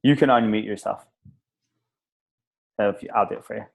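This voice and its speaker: A man's voice: lowish voice, brisk, gravelly, low-quality recording. A man on a group call telling a personal story casually, rambling with lots of fillers and the odd swear word. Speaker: call participant.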